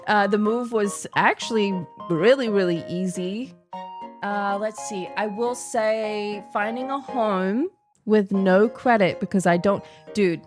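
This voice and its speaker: A woman's voice: fairly high pitch, measured pace, faint music behind. A young woman with a New Zealand accent, chatting casually as a streamer, telling stories animatedly with slang and frequent laughs. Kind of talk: casual chat.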